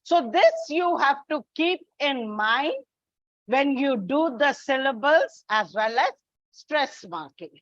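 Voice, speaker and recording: Slow, high-voiced woman teaching English. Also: lively intonation, no room sound. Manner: slow, deliberate explaining with spelled-out examples. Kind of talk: classroom English lesson. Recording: dull lo-fi sound.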